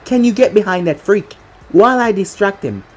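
A woman reading the lines of a determined young male android fighter in a storybook reading, with a husky voice. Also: mid-range voice, lively intonation, moderate pace, a little mellow, lightly acted. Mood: defiant.

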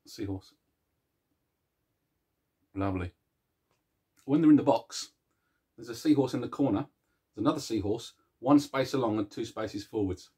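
A man's voice: mid-range voice, normal speed, pauses often, warm tone, slightly rough. A man hosting a casual video chat, joking and mocking himself while eating chocolate. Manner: jokey and self-mocking, chuckles at his own puns; eats chocolate while chatting. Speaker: host.

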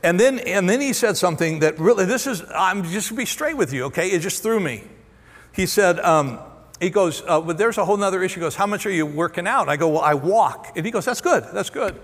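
A man in his sixties preaching a sermon, telling a story in a candid, self-deprecating way full of halting restarts. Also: high-pitched, expressive. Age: 60s. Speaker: pastor. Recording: long church hall reverb.

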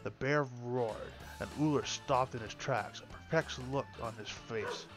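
A man's voice: mid-range voice, unhurried. A man reading a fantasy story aloud, with occasional slips and restarts. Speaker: lore reader. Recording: music playing behind.

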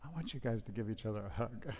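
A man's voice: on the low side, expressive, fast talker, warm tone, a little hiss or hum. A man officiating a wedding as priest, giving a casual homily with a joke. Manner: casual, joking storyteller. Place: church. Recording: long church reverb.

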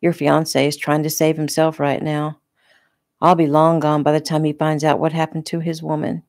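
A woman reading the part of a menacing male attacker who speaks calmly and quietly in an audiobook. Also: sits low, normal speed, dry recording, studio quality. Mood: cold coaxing. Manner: calm, coaxing, quietly threatening. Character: menacing male attacker, soft-spoken and cold.

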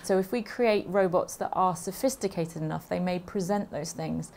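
A woman's voice: fairly low pitch, normal speed, gravelly, darkish tone, slight background noise. A woman speaking fluently and thoughtfully in a documentary interview as an academic.

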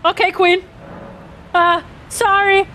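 A woman gaming streamer talking through her play, excitable and swearing, often talking to herself. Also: extremely high pitch, slow, a little hiss or hum. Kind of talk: live game commentary.

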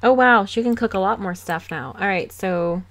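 A woman who hosts let's plays narrates her game in chatty, casual commentary, slipping into giggles and dry, sarcastic asides. Her pitch is an ordinary mid-range for a woman, her tone fairly bright, and her pace normal. The home setup uses a close desk microphone, with no room sound.

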